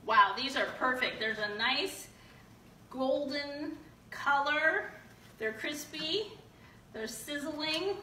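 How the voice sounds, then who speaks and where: This woman's voice sits high and is expressive, bright and pushed, at a measured pace. She's hosting a live giveaway show, frying tortilla chips in her home kitchen and talking to viewers in a bubbly way, whooping and exclaiming a lot. The recording has a roomy echo, faint room noise, and her voice comes from far off the mic.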